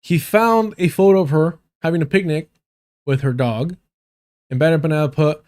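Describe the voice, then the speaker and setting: A man's voice: fairly high pitch, fairly quick, darkish tone. Profane, fired-up male streamer. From United States. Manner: blunt, profane, repeats lines for emphasis. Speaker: livestream commentator. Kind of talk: heated commentary rant.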